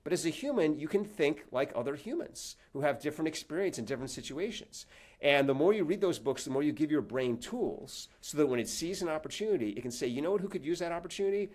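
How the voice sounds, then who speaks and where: Slightly high-pitched and speaking a little fast, this man, an author and professor, responds to an interviewer's questions. He tells stories with energy, impersonating the people he quotes.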